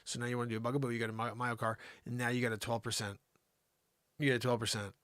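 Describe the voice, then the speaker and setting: A man hosting an improvised comedy news show, talking in a mocking, animated way to an imaginary co-host. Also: mid-range voice, racing, no echo.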